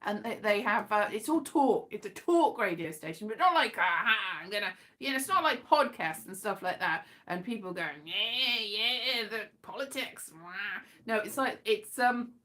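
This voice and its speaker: A woman's voice: mid-range voice, big pitch swings, normal speed, few pauses, a bit bright. A British woman, a comedian, chatting casually to her live-stream viewers, rambling and self-mocking, now and then breaking into sung phrases. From Britain.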